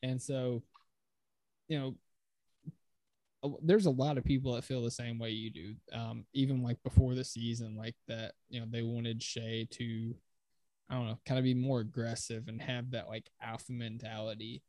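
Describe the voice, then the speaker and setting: A man in a relaxed podcast chat about basketball, speaking at an ordinary middle pitch. His voice is recorded close and dry, with no room sound around it. He keeps the conversation moving and rattles off statistics easily. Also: moderate pace, dry recording. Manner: conversational, steers the talk, recites stats. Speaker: podcast co-host. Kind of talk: casual sports chat.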